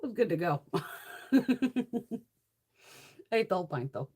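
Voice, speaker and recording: Her voice is slightly rough and medium in pitch, and she talks unhurriedly. This middle-aged beauty vlogger spins lively stories in casual chit-chat, full of swearing and frequent laughter.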